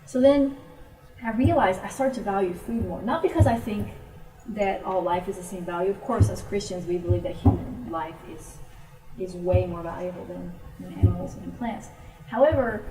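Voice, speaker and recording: A woman from the United States telling personal stories in a casual, animated way, often quoting other people's words. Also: mid-range voice. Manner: animated storytelling with quoted voices. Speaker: speaker on Japanese culture. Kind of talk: casual talk. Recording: roomy, distant mic.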